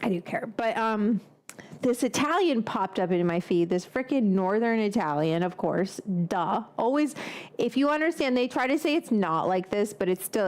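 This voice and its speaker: A woman's voice: mid-range voice, a little mellow. A woman hosting a cooking live stream from a home kitchen, talking in a loose, rambling, chatty way with casual swearing and drifting off onto tangents.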